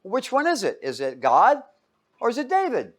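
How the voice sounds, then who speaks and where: Animated, chuckling male preacher. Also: extremely high pitch, normal speed. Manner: animated storytelling, chuckles often, asks the audience questions. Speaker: preacher teaching a Bible study. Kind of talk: casual sermon.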